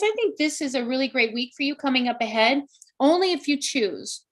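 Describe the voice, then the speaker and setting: High-voiced effusive woman medium. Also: lively intonation, a little fast. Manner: effusive, exclaiming, speaks directly to viewers. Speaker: psychic medium hosting a live show. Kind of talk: casual live-stream reading.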